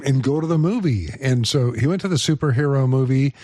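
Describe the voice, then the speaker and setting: A man's voice: medium pitch, animated, a little fast, dark tone, faint music behind. A man hosting a talk show, introducing a guest and reacting to his story. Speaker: host.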